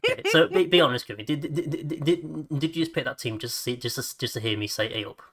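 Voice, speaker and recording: A man hosts a relaxed podcast chat with friends. His voice is bright and ringing, and he laughs readily. He trips over repeated words when he gets excited. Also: fairly high pitch, fast. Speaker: podcast host. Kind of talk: casual chat.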